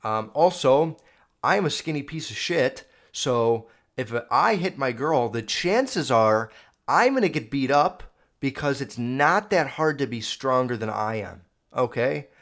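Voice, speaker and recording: A man's voice: mid-range voice, expressive, a little slow, a bit bright. A young man hosting a podcast, telling stories in a rambling, profane, self-correcting way. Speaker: podcast host. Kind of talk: casual storytelling monologue. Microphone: video podcast mic.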